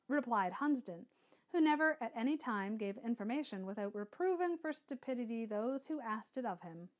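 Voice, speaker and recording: A woman narrating a classic novel as an audiobook reader, in a measured storytelling manner. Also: on the high side, animated.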